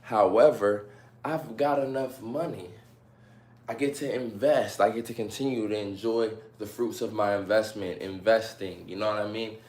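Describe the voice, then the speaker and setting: A man's voice: on the low side, fairly even intonation, normal speed, darkish tone, reverberant. A man casually chatting and joking with viewers during a live stream, talking straight to them. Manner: chatty, playful, addresses viewers directly.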